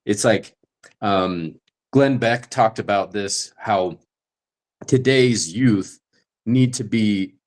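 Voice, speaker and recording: Lowish guy on a movie podcast, kinda rambling and reflective. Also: takes it slowly, long pauses. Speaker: podcast co-host. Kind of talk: casual film discussion.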